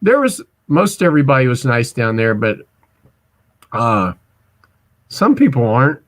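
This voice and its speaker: A man's voice: mid-range voice, big pitch swings, measured pace. A man in his forties from Missouri, telling casual stories as a guest, rambling with restarts and stammers. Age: 40s. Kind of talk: casual storytelling.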